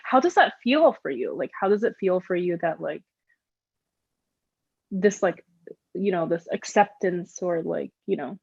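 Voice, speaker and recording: A woman interviewing a guest in casual conversation, chatty and lively, with many "like" fillers. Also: lowish voice, a little slow, creaky, long pauses, slightly rough, dry recording, highs cut off.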